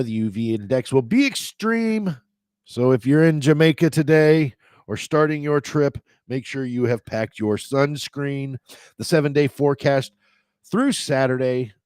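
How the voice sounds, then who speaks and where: A man's voice: mid-range voice, darkish tone, no echo. A man hosting his own daily travel update in a casual, rambling way, with filler words and side remarks. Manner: chatty, rambling asides with fillers. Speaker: travel show host.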